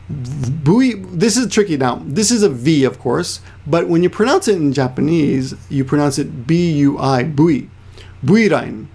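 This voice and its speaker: A man's voice: on the high side, gravelly, a little mellow. A man teaching a casual Japanese lesson, explaining word by word, repeating terms and correcting himself as he goes. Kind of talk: casual screen-share lesson.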